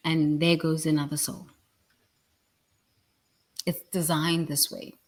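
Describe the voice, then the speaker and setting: A woman giving a blunt, emphatic spiritual talk, with sudden loud bursts. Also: deep voice, flat delivery, takes it slowly. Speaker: spiritual speaker.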